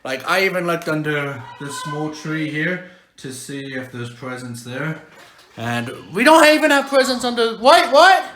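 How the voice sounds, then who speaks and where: A woman's voice: low-pitched, sing-song, measured pace, fairly bright tone. A woman in her thirties vlogging to the camera as a mom, chatty and exasperated, sometimes out of breath. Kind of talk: family vlog, talking to camera.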